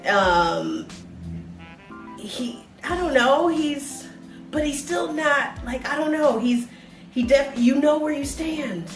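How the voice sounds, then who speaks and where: A woman's voice: high-pitched, expressive, takes it slowly. Chatty woman in her forties, echoey. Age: 40s. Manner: rambling, chatty, many fillers. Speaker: travel vlogger. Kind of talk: casual chat. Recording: echoey room, mic far off, faint music.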